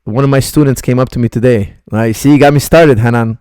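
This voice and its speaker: A man's voice: medium pitch, fast, warm tone, clear, resonant tone, dry recording, clean studio sound. A middle-aged man, a martial arts coach, bluntly rambling through viewer questions on a live stream.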